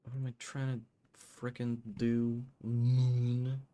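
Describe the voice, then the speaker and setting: A man's voice: mid-range voice, monotone, slow, dull audio. Frustrated man muttering over a game. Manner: grumbling, frustrated muttering to himself. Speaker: streamer playing a game. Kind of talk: casual gameplay commentary.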